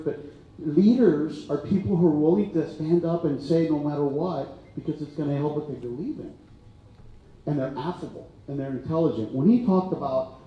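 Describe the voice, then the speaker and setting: An older man, a county health physician, giving a rambling, emotional town hall speech full of fillers. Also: a little high. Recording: echoey hall, distant mic, dull sound.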